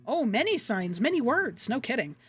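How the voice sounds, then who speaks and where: Her slightly high voice has a sing-song lilt and a moderate pace as she streams a game, chatting casually with viewers. This young woman reads game text aloud in an upbeat way, with faint music in the background.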